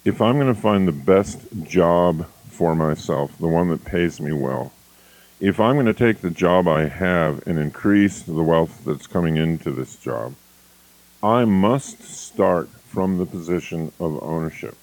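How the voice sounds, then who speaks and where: A man's voice: low voice, lively intonation, a little slow, a little mellow, poor audio. A man giving a motivational lecture, acting out quoted phrases in contrasting tones. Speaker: motivational speaker.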